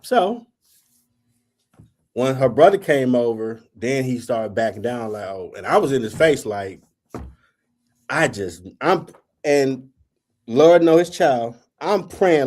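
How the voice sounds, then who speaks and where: Speaking slowly and pausing often, this medium-pitched host animatedly recounts a story on his talk show, performing the quoted lines and cursing freely in casual conversation.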